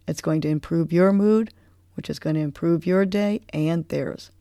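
A woman's voice: medium pitch, gravelly, warm tone, no room sound, studio quality. A woman hosting a podcast, guiding listeners through a breathing exercise in a soothing, encouraging way. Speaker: podcast host and breathing coach.

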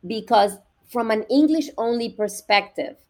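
Woman explaining at a measured pace. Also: on the high side. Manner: measured, explanatory, with repeated restarts. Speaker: education researcher guest. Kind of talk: podcast interview, explaining.

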